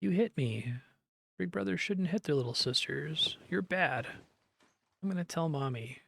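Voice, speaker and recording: A man voicing a frail, dying little girl with a high, childlike voice. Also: animated, measured pace, creaky, a bit bright, no room sound, heavily acted. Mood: childish.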